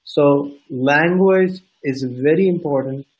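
A man's voice: a little high, slow, rough recording. Earnest Pakistani man giving advice. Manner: earnest, repetitive, direct. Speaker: co-host. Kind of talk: casual advice talk.

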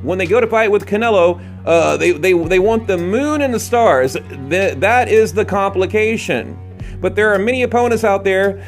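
High-voiced man ranting about boxing. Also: moderate pace, soft background music. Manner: rambling, rants with frequent restarts. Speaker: boxing channel host. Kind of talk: casual ranting commentary. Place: late-night home recording.

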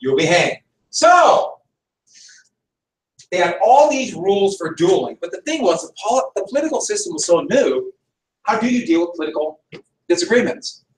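Animated man lecturing in echoey classroom. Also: sits high, normal speed, long pauses. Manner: emphatic, asks the class rhetorical questions. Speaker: teacher. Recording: echoey room, from far off.

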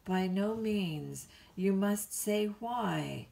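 A woman's voice: mid-range voice, animated, very slow, creaky, mellow, heavily acted. A woman voicing a tart, scolding housekeeper. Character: blunt, sulky middle-aged housekeeper. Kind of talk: storybook reading.

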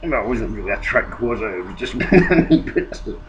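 A man's voice: mid-range voice, very animated, moderate pace. A British man hosting an improvised comic vlog, rambling and hesitant, amused at himself. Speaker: comedy vlogger. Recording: dull lo-fi home recording, faint noise.

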